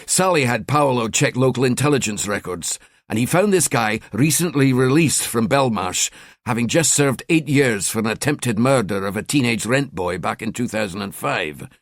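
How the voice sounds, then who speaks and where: A man's voice: mid-range voice, expressive, normal speed, no echo, studio quality, natural voice. A man voicing a cheeky, sardonic male police detective in an audiobook. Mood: wry. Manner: wry, chatty.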